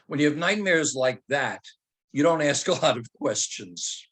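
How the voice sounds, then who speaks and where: A man in his seventies, a retired teacher, telling personal stories with humor and slowing into dramatic readings. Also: mid-range voice, lively intonation, a bit bright. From Germany. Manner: humorous, anecdotal, slows to dramatic recitation.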